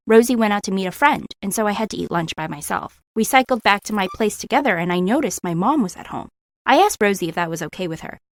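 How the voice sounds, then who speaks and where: A woman's voice: mid-range voice, no echo, studio quality. A young woman narrating her own story in the first person, emotional and confiding.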